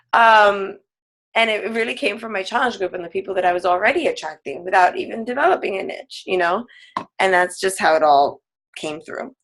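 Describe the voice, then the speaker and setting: A woman's voice: medium pitch, fairly bright tone. A woman fitness coach, a guest on a team call, talking casually with lots of "like" fillers and frequent laughs. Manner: chatty, full of "like" fillers, laughs often.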